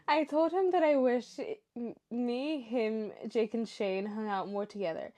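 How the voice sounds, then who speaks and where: Host casting: young woman, fairly high voice, reads stories aloud, drops in heartfelt asides. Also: a little slow, warm tone, muffled recording. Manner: emotional, chatty asides between read passages. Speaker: story reaction host. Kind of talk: reading stories aloud with reactions.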